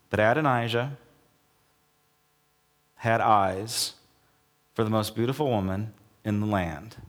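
A middle-aged male pastor preaching a sermon, telling the story in a lively, casual way and acting out the quotes. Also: fairly low pitch.

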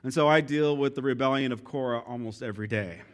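A pastor with a medium-pitched voice preaches a sermon at a quick pace. His delivery is animated and lively, joking, playful and self-deprecating.

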